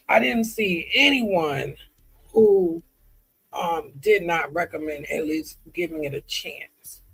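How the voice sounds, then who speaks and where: A man talking candidly in a personal vlog, earnest and confiding, often halting with ums and restarts as he reads comments aloud. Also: high-pitched, creaky, fairly bright tone, low-quality recording. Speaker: vlogger.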